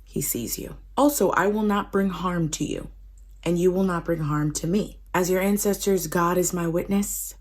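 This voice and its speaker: A woman's voice: on the low side, fairly even intonation, normal speed, darkish tone, close to an everyday voice. A woman voicing an angry old father-in-law who accuses and bargains, raising her voice in indignation. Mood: grudging.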